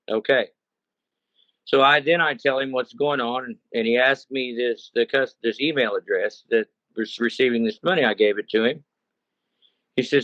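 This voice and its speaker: A man's voice: medium pitch, fairly even intonation, measured pace, pauses often, a bit bright, no room sound. Rambling country man telling a story. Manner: rambling, repeats himself, folksy. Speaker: consumer telling a scam story. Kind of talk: casual first-person account. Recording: dull lo-fi sound, dry.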